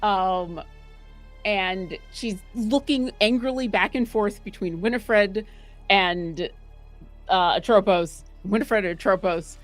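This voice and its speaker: A woman's voice: mid-range voice, takes it slowly, soft background music. A woman playing a tabletop game, describing her character's actions in a rambling way with restarts. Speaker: player.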